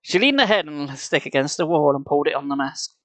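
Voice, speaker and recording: A man's voice: a little high, lively intonation, fairly quick, a bit bright, no room sound. A man reading a children's horror book aloud on a livestream, breaking off for casual chatty asides. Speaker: livestream reader. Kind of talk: live storybook reading with asides.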